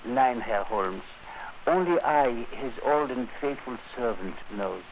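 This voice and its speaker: An old, loyal German servant in a vintage radio drama, speaking formally with a German accent. His voice is mid-pitched and deferential, with faint hiss behind it. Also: expressive, slow, poor audio. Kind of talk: 1940s radio acting.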